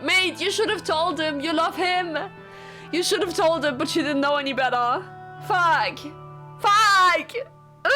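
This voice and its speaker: A woman's voice: high voice, a bit bright. A woman streaming a blind visual novel playthrough, emotional and tearful, swearing often as she talks to her viewers.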